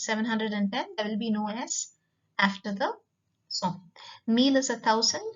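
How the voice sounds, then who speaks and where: A woman, a French teacher giving a recorded lesson and patiently repeating words slowly. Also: a little high. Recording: dull lo-fi recording.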